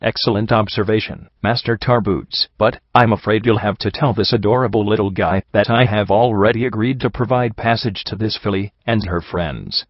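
A man's voice: on the low side, moderate pace, few pauses, no room sound, close to an everyday voice. Man reading as a blunt mare boat captain. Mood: grand. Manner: blunt, laying down rules. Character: tough female pony riverboat captain, bossy. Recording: dull lo-fi dry recording.

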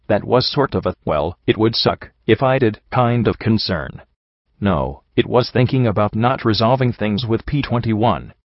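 A man narrating a first-person story as an audiobook reader, in a steady, understated manner with little change between characters. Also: on the low side, no echo, dull audio. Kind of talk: first-person fan fiction reading.

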